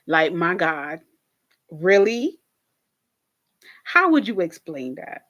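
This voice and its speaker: A young woman hosting a casual reaction video, recapping a TV episode to her viewers in an animated way, laughing often and swearing freely. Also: fairly low pitch, slow pace, long pauses, muffled recording.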